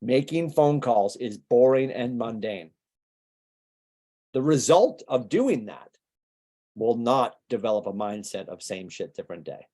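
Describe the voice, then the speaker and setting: A male business coach gives a motivational training talk in a relaxed, mellow voice. He talks casually and keeps firing rhetorical questions at his listeners. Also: lowish voice. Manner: conversational, rapid-fire rhetorical questions.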